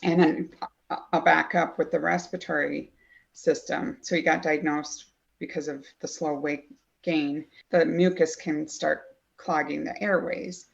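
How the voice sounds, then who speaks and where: A woman's voice: sits low, fairly even intonation, measured pace, creaky, lo-fi sound. A middle-aged woman, a guest mother, telling her story in earnest detail during a podcast interview. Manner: earnest, detailed storyteller who acts out quoted dialogue. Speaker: guest, mother of a child with a chronic illness.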